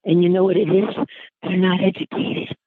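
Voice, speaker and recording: A woman's voice: on the low side, flat delivery, moderate pace, a little hiss or hum. An older woman, short of breath, chatting affectionately in an interview and calling the listener honey. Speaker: interviewee, aunt. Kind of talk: casual phone chat. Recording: tinny phone line, dry.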